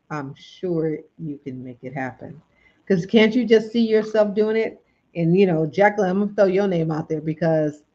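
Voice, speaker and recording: A woman's voice: on the low side, darkish tone. Chatty encouraging woman, lo-fi stream. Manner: encouraging, chatty, repeats phrases. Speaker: livestream host and coach. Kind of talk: casual motivational livestream chat.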